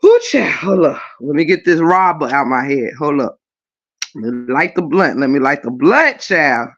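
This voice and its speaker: A livestream host casually retelling a story to the chat, animated and profane, with emphatic, drawn-out phrases. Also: medium pitch, dull audio. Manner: animated and profane, with frequent laughing fits.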